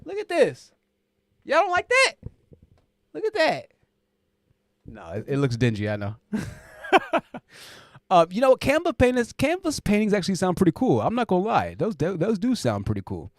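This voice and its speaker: A man's voice: medium pitch, no echo. Male streamer, casual and rambling, mid-range voice, dry home podcast-mic sound. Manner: relaxed, rambling explainer with frequent fillers. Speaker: live stream host. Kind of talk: casual live chat, reading viewer comments. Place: home room with hoodies hung up to absorb sound. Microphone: dynamic podcast mic through a preamp.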